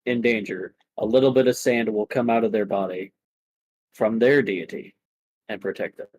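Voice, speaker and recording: A man running a tabletop game as game master, relaxed and often laughing as he narrates and voices side characters. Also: fairly low pitch, moderate pace, slightly rough, no room sound, lo-fi sound.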